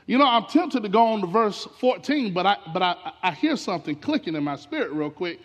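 A man preaching a storytelling sermon, talking straight to the congregation and swinging between racing and slow, drawn-out delivery. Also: high-pitched, lo-fi sound. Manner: animated storytelling with sudden swings in pace and loudness; talks directly to the congregation. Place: church sanctuary. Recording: long hall reverb from a church.

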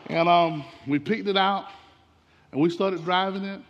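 High-voiced gravelly preacher in a big hall. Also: male voice, a little slow, muffled recording, a little hiss or hum. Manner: animated storytelling with sudden swings in pace and loudness; talks directly to the congregation. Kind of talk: storytelling sermon. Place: church sanctuary. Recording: long hall reverb from a church.

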